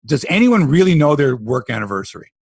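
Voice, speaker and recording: A middle-aged man hosting a casual sports podcast, animated and sarcastic as he rants. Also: mid-range voice, quick pace, breathy edge, no echo, studio quality.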